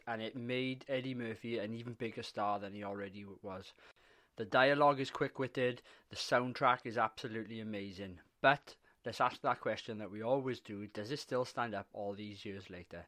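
A man's voice: medium pitch, brisk, fairly bright tone. A man hosting a casual film podcast, chatting enthusiastically with plenty of fillers and restarts. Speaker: podcast host.

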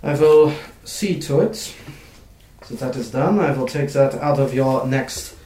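Guy putting on a stiff formal dwarf lawyer lady, curt and busy, slightly higher voice, roomy echo. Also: unhurried, warm tone, natural voice. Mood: brisk.

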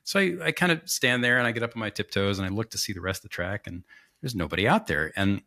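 A man's voice: on the low side, quick pace. A man co-hosting a podcast, telling a story in casual chat, acting out what others said with joking asides. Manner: animated, acts out quoted voices, joking asides. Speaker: podcast co-host.

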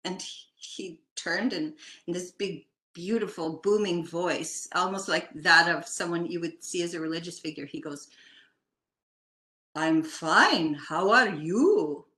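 Older Canadian woman, guest telling a story, lower bright voice, roomy echo. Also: steady tone, moderate pace. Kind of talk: casual storytelling.

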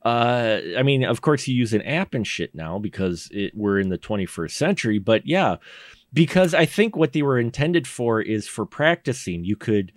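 A man co-hosting a casual movie podcast, rambling and joking as he talks scenes through. His voice sits at an ordinary middle pitch. The close mic gives a dry, dead room sound. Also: sing-song, moderate pace, dry recording. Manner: rambling, jokey, acts out scenes with put-on voices. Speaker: podcast co-host. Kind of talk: casual movie review chat. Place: indoor studio room.

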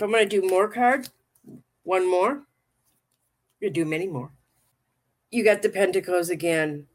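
Chatty woman hosting a livestream. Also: fairly low pitch. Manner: chatty, rambling and affectionate, often repeating words. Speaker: livestream talk show host and tarot reader. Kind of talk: casual livestream chat.

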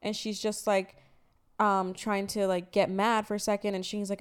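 Smooth-voiced young woman telling stories. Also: medium pitch, a little fast. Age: 20s. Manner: animated storytelling, acts out quotes. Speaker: podcast co-host. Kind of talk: casual chat.

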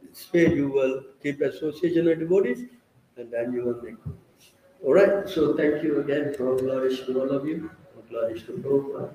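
A man's voice: medium pitch, moderate pace, warm tone, reverberant, slight background noise, low-quality recording. A man giving a scripture class, emphatic and questioning, often checking that listeners understand. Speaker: preacher.

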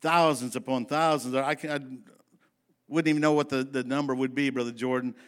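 A male pastor addresses his congregation with a folksy, emphatic sermon, his medium-pitched voice steady, clear and resonant. He eases off to read scripture and hurries along during asides.

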